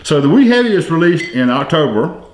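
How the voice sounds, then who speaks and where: A man's voice: fairly high pitch, very animated, a little fast, background noise. A man hosting a casual beer-tasting podcast, chatty and easygoing, reading tasting notes. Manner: reads brewery notes aloud, easygoing and chatty. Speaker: podcast host. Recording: echoey room.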